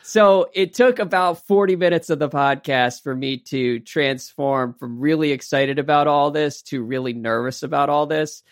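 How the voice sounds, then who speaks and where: A man hosting a podcast, reading listener questions in relaxed, friendly casual chat. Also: fairly high pitch, normal speed, hardly any pauses, clear, resonant tone, dry recording, clean studio sound.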